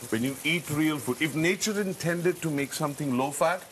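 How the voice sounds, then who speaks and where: A man's voice: fairly high pitch, crowd noise. A man, a chef guest on a morning TV show, chatting with enthusiasm as he cooks in a studio kitchen. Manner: enthusiastic, quick when explaining. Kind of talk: casual chat while cooking.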